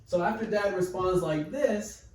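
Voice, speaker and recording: A man teaching in a calm, patient, step-by-step way, as if talking through notes on a whiteboard. His voice sits a little high. The sound is very roomy and echoey, picked up by a mic some distance away. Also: measured pace, a little hiss or hum. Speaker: parenting educator. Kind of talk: explaining at a whiteboard. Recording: echoey room, mic far off.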